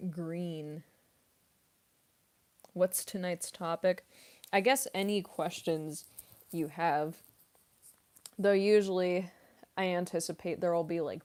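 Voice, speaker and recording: A young woman voice actress casually answering chat questions on a stream, relaxed and rambling with many fillers, snacking as she talks. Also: lowish voice. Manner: relaxed and rambling, many fillers, laughs often, eating while talking.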